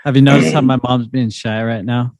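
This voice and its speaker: A man's voice: mid-range voice, fairly even intonation, a little fast, creaky, a little mellow, dry recording. A man co-hosting a podcast in casual chat, with dry, laid-back banter. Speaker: podcast co-host.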